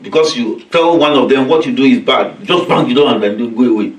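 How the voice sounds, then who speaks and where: A man's voice: medium pitch, expressive, fairly quick, recorded from a distance. Man preaching in an echoey hall. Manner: recites verses in Arabic and explains them in simple, repetitive English; acts out quoted voices of children and parents. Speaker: religious teacher leading a weekly study circle. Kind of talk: religious lecture. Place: community centre hall.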